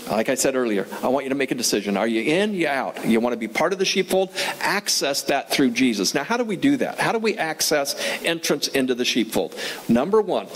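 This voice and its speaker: Man, pastor, sermon, conversational, asks the crowd questions, repeats key phrases, mid-pitched, faint hiss. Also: poor audio.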